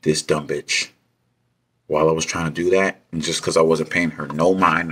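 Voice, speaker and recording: Deep husky trucker guy, cussing and venting about his week. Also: steady tone, normal speed, long pauses, a bit bright. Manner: profane, heated ranting. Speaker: truck driver. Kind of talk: casual storytelling vlog.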